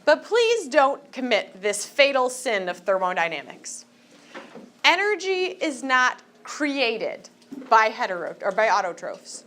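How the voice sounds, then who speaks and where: Woman teacher in a classroom, higher voice, bright and bouncy, jokes around and quizzes the kids. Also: big pitch swings, unhurried. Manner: joking, teasing, asks the class questions. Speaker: high school biology teacher. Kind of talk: classroom lecture.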